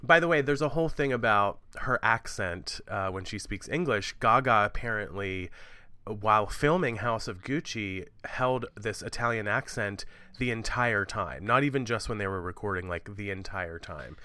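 A man in his thirties co-hosts a true-crime podcast, rambling cheerfully through his story with plenty of fillers and asides. His voice is bright and crisp, and it sits close on a dry mic with no room sound. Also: fairly low pitch, normal speed, dry recording. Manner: chatty, rambling with fillers and laughs. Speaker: podcast co-host. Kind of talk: casual true-crime chat.

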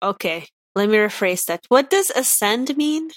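Woman, playful podcast co-host, giggly, slow and lively delivery. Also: medium pitch, no echo. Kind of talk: casual lore chat.

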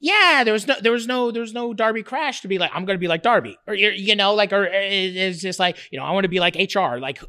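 A man's voice: high voice, fast talker, hardly any pauses, no echo, clean studio sound. A man talking in a casual interview, rambling and profane, with frequent restarts and laughter in his stories. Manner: animated, laughs while telling stories. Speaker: interview guest, cooking show creator.

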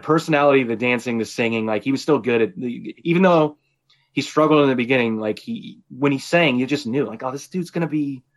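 Animated, swearing male podcast host. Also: mid-range voice. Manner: animated storyteller who swears freely and laughs often. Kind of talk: casual podcast chat.

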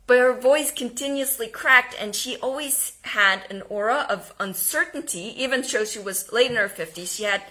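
A woman giving an energetic homeschooling lesson, speaking emphatically and now and then dropping to a whisper. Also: a little high, moderate pace, few pauses. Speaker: homeschooling teacher. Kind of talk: instructional talk.

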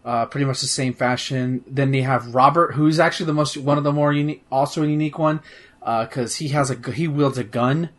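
A man's voice: mid-range voice, steady tone, a little fast, a bit bright. Guy rambling about a game, lots of ums and restarts, swears a bit, laid back chat. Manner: rambling, full of fillers and restarts, swears freely. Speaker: podcast host reviewing a video game. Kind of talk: casual chat.

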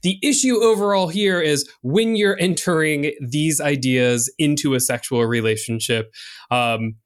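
A man's voice: fairly high pitch, a little slow. Guy cohosting a sex podcast, frank and chatty, lots of ums and likes. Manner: chatty, frank, filler-heavy. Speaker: podcast co-host. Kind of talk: casual chat about sex.

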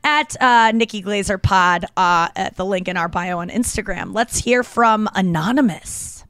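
A woman hosts a casual podcast and reads out listener mail. She sounds animated and gushing and swears casually. Her mid-pitched voice is dry and close to the mic. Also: normal speed, dry recording. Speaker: podcast host.

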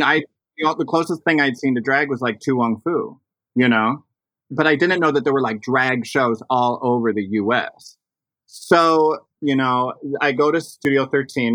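A man who performs in drag, telling stories in a casual interview, animated and full of fillers. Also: medium pitch, dry recording. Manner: animated storytelling, chatty with fillers.

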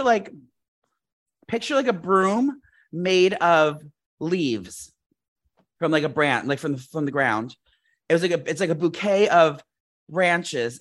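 A man in his thirties co-hosting a podcast, telling long rambling stories in casual chat with lots of fillers. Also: high voice. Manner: rambling, animated storytelling with many fillers. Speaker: podcast co-host.

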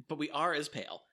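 A podcast co-host from the American Midwest who drops in quick jokes during casual banter. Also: medium pitch, pushed and bright. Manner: quick joking interjections.

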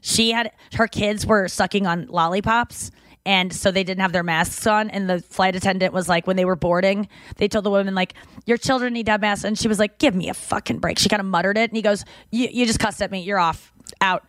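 A woman's voice: medium pitch, fairly even intonation, brisk, a bit bright, no room sound. A woman hosting a podcast in casual chat, swearing freely and acting out the people in her stories. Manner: swears freely, tells stories with acted-out quotes. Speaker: podcast host. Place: makeshift home studio.

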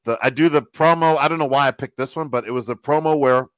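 Animated man telling a story, dry sound. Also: mid-range voice, quick pace, dry recording, low-quality recording. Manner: animated storyteller who quotes other people. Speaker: guest telling a backstage story. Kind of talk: casual anecdote.

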